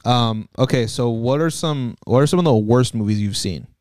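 A man's voice: medium pitch, moderate pace, darkish tone, dry recording, clean studio sound. A man co-hosting a casual podcast chat, hesitant and chiming in with short reactions. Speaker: podcast co-host.

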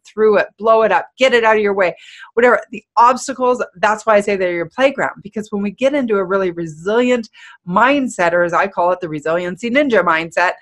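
A woman giving a motivational talk in an energetic, playful, conversational way. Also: medium pitch. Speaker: motivational speaker.

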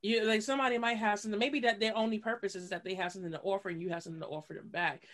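A woman talking in a casual podcast chat, telling stories in a profane, animated way with frequent restarts. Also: medium pitch, very fast. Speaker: running blogger and guest.

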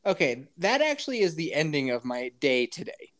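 A man's voice: a little high, sing-song, fairly quick, fairly bright tone. A young man hosting a podcast, chatting casually with crude jokes and frequent laughs. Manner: crude joking, laughs often. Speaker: podcast host.

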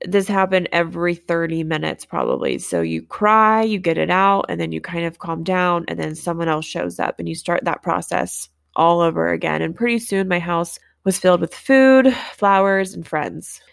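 A young adult woman hosting a podcast, telling her own story in a reflective, halting, plain-spoken way. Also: lowish voice, vocal fry, dry recording, clean studio sound. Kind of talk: personal storytelling.

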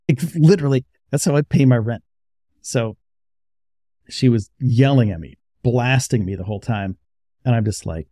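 A man's voice: medium pitch, moderate pace, warm tone, dry recording, clean studio sound. A man telling a rambling, casual story to his viewers, full of restarts and asides. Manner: rambling, conversational, many restarts. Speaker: YouTuber. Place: outdoors by a roadside.

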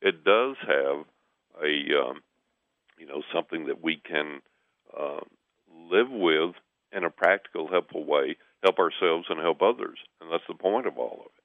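A man telling stories in a relaxed conversation, lively as he acts out what others said. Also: rumbling low, moderate pace, no room sound. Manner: animated storyteller, acts out quoted voices. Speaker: guest. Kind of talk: conversational storytelling. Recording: tinny phone line.

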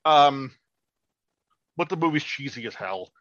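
A man co-hosting a podcast in casual chat, halting and crude in a blunt way. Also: mid-range voice, animated, fairly bright tone, lo-fi sound. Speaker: podcast co-host.

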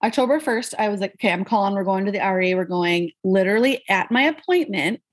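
Husky woman telling her story. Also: medium pitch, fast. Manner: candid, animated, acts out quoted voices. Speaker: guest. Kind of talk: casual conversational storytelling.

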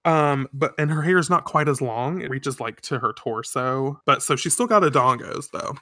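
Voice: mid-range voice, expressive, normal speed, sharp tone, no echo, studio quality. A podcast co-host giving a chatty, giggly, swear-filled recap of a comic.

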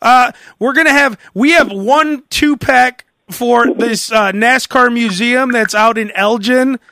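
High bright-voiced man joking around. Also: slow pace, dry recording. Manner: rambling, mocking, swears freely. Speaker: podcast host. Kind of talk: casual comedic chat.

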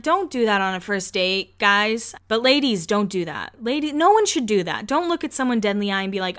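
Chatty young woman recapping tv, smooth clean voice, says "like" a lot. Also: mid-range voice, fairly bright tone. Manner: chatty, heavy use of "like", quick mimicry of the people she discusses. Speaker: podcast host recapping a reality show. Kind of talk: casual chat.

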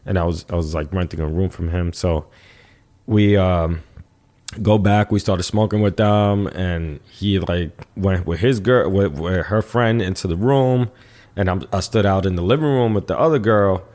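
A man with a very low voice, talking loosely as an interview guest. He rambles, restarts his sentences and swears often as he tells his story. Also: moderate pace, darkish tone. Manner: rambling with frequent restarts and profanity. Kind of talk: casual storytelling.

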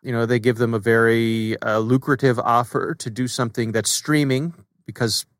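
A man's voice: mid-range voice, moderate pace, no echo, clean studio sound. A man co-hosting a podcast, chatting casually with frequent fillers about scams. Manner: relaxed, conversational with frequent fillers. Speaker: podcast co-host. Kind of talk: casual chat.

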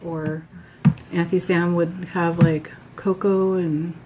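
A woman's voice: lowish voice, flat delivery, takes it slowly, a little mellow, a little hiss or hum, low-quality recording. A middle-aged woman in a casual chat, fondly remembering childhood holidays and nodding along. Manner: reminiscing, short agreeing replies. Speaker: podcast co-host.

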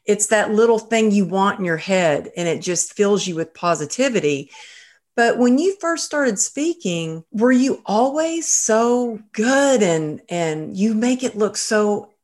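A woman hosting an interview, telling lively stories and acting out the people she quotes. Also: medium pitch, unhurried. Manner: lively anecdotal storyteller, acts out quoted voices. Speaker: podcast host. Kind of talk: casual storytelling in an interview.

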